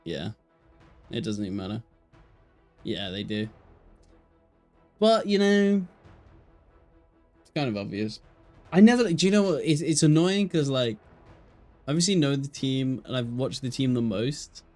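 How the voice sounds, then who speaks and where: A man's voice: medium pitch, big pitch swings, measured pace, pauses often, darkish tone, faint music behind. A young man with an English Midlands accent, chatting and joking casually as an esports caster on a live stream.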